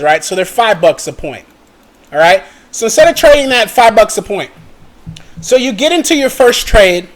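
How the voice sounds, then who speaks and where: Young male trading teacher, high-pitched, conversational, talks straight to the viewer. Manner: chatty, checks in with "okay?" and "right?" often, mutters at his computer. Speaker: trading educator. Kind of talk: casual screen-share lesson.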